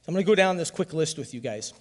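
Male preacher, slightly high voice, emotional testimony style with forceful emphasis, reverberant church sound. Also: animated, racing. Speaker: pastor. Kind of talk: sermon.

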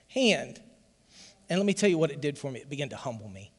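A man's voice: a little high, lively intonation, fast talker. Emphatic male preacher in a reverberant church. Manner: personal testimony, emphatic and emotional, rising to loud emphasis. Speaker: pastor. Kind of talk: sermon.

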